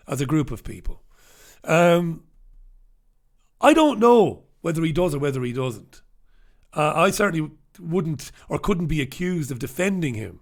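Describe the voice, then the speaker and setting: A man hosting a newspaper review in a casual, sarcastic, blunt and profane commentary style, with mocking asides. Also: on the high side.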